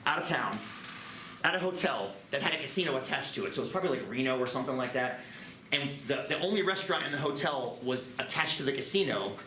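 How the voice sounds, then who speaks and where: A man teaching a math class, lively and joking, with quick asides to his students. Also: medium pitch. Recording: roomy classroom, mic at a distance, background noise.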